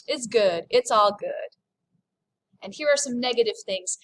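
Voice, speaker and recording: An expressive woman with a slightly high voice models French phrases in a recorded lesson. She speaks slowly and clearly and stays upbeat throughout.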